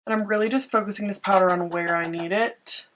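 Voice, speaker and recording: A woman's voice: medium pitch, fairly even intonation, fairly quick, a bit bright. A young woman talking through a makeup tutorial in a chatty, self-mocking way. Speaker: beauty vlogger.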